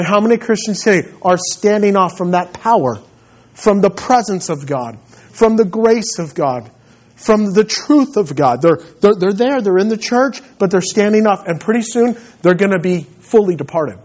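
Emphatic preacher, man, lively high voice. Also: dull audio. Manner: emphatic, swinging from loud high peaks to low quiet asides. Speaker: pastor. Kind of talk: sermon. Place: church.

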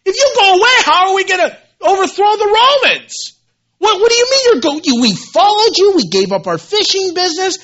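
A man voicing a panicked, bewildered male disciple who fires off incredulous questions in a high, strained voice. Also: sing-song, fairly quick, a bit bright, muffled recording, heavily acted.

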